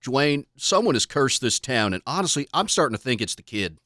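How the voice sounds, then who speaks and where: Overwrought sports talk co-host played by a man, swooping lively pitch, dry mic. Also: fairly quick, no room sound. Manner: melodramatic and mournful, big swings in pitch. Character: melodramatic small-town sports radio host Paul Wayne. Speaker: co-host of a comedy sports radio show.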